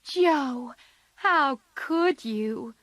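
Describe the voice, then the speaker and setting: A caring, sensible eldest sister, voiced by a woman reading a storybook, kind and gentle, with slow words and a dry close sound. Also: mid-range voice, no room sound, natural voice. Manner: kind, grateful.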